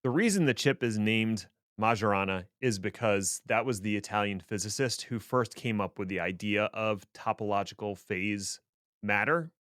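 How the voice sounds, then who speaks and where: A man's voice: lowish voice, moderate pace, fairly bright tone, no echo. A man co-hosting a tech podcast, explaining things casually with dry, sarcastic asides. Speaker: podcast co-host.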